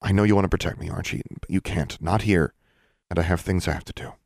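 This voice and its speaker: A man reading aloud and voicing a sixteen-year-old girl who speaks quietly and earnestly. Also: low voice, steady tone, fast talker, vocal fry, no room sound, studio quality.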